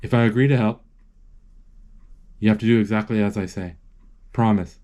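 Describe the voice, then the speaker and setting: Man reading a bossy practical girl, low mellow voice, slow and instructive, retold film scene. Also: steady tone, lightly acted.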